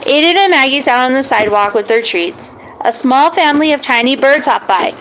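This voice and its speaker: A woman telling a children's story in a gentle, animated way. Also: fairly quick, few pauses, background noise. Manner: gentle, animated, high voices for the characters.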